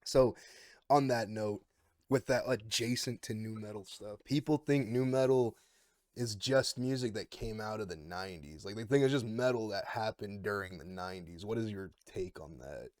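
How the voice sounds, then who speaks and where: A man's voice: fairly low pitch, normal speed, a little mellow, no room sound. Rambling, inquisitive man, dry sound. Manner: questioning, rambling, swears casually. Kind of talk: casual podcast chat. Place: podcast studio.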